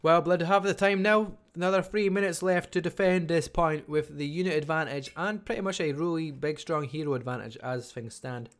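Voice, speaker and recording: Scottish man, game caster, fast chatty play-by-play, fairly high voice, smooth clear tone. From Scotland. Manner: fast, chatty, talks without pausing. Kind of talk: live esports commentary.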